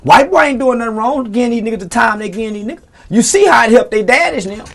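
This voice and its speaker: A man's voice: very high-pitched, lively intonation, quick pace, gravelly, a bit bright. A man in an interview pours out an impassioned, profane rant. He preaches as much as he talks, leaning on scripture and slang, with blunt force behind every point. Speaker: interview guest. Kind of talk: heated, unfiltered interview rant.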